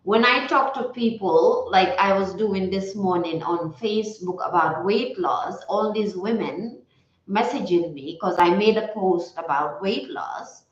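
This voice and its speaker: A woman's voice: mid-range voice, a little slow. A woman wellness coach giving a casual motivational talk, reflective and repeating her key phrases. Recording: roomy, slightly dull recording.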